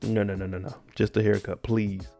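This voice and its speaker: A man's voice: lowish voice, little pitch movement, brisk, creaky, dark tone, soft background music. A man casually recapping a TV episode, with laid-back, joking slang. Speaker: TV recap host.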